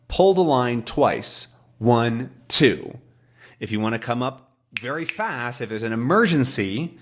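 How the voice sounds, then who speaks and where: A man teaching English in a relaxed way, explaining words simply and often checking that learners follow him. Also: medium pitch. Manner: animated, checks in often with questions.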